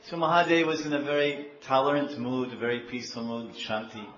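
A male preacher tells a devotional story in an animated way, repeating phrases and quizzing his listeners. His voice sits mid-pitched in a dull, echoey recording with a faint hiss. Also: brisk. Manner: animated, repeats himself, asks the audience questions.

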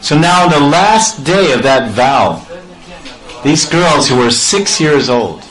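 A man giving a devotional storytelling sermon, playful and animated, acting out sounds and laughing often. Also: on the high side, takes it slowly, poor audio. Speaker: spiritual storyteller.

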